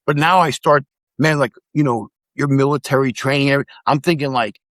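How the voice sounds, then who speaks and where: A middle-aged man, a podcast guest, casually telling animated stories, acting out the quotes and swearing freely. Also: mid-range voice, fairly quick, no echo. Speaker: podcast guest, former immigration officer. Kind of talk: casual storytelling in conversation.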